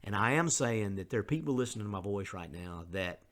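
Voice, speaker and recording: A middle-aged man with a drawl talks through a motivational podcast in a fairly low voice. He sounds earnest and conversational, freely owning up to his mistakes. His speech is loose and full of fillers. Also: expressive, brisk, a bit bright. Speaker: podcast host. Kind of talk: candid motivational podcast monologue.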